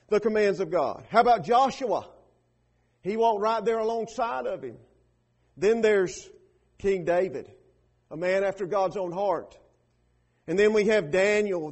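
A pastor delivering a sermon with emphatic, rising bursts of preaching. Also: male voice, high-pitched, a little mellow.

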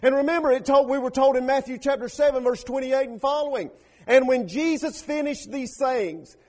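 A pastor delivering a sermon with emphatic, rising bursts of preaching. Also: male voice, very high voice, darkish tone.

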